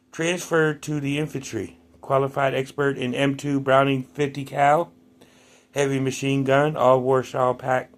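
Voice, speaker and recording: A man hosting a casual vlog, talking loosely with frequent ums and restarts while reading aloud. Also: mid-range voice. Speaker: toy collector reviewing action figures.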